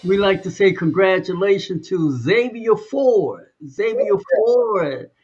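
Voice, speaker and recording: A man's voice: sits high, expressive, takes it slowly, highs cut off, noisy background. A man co-hosting a podcast, talking in a loose, conversational way and drawing out the words he wants to stress. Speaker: podcast co-host. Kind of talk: casual chat.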